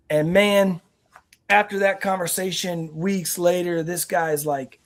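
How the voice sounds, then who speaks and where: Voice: medium pitch, fairly even intonation, moderate pace. A guest on a veterans' talk show telling stories in an earnest, rambling way with many restarts. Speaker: guest, nonprofit team member. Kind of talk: conversational interview answers.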